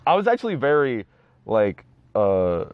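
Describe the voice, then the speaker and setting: A man in a casual joking interview, playful and staying in character as a wrestler, now and then bursting into high mock voices. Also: huge pitch swings, unhurried, no room sound, lo-fi sound.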